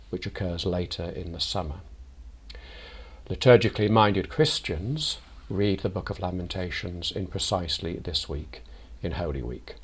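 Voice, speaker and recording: A man with a deep, low voice delivers a reflective sermon. His tone is husky, and he speaks in a measured, deliberate way. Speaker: parish priest.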